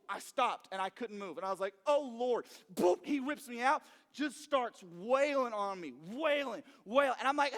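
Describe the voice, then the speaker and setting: A young man preaching a youth sermon, telling stories with acted-out voices and sudden shouts. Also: very high voice. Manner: animated, acts out voices, shouts for effect. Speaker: youth pastor. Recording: long hall reverb.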